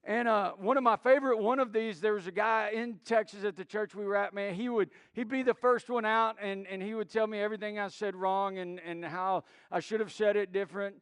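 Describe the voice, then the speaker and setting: Man preaching, high voice, dry close sound, middle-aged, storytelling with restarts. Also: steady tone, fairly quick, few pauses, fairly bright tone, smooth, no room sound. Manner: storytelling with many restarts and acted quotes. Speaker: pastor. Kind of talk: sermon.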